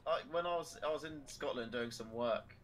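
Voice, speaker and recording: A man's voice: medium pitch, a little fast. A man chatting casually on a gaming stream, playful and laughing often.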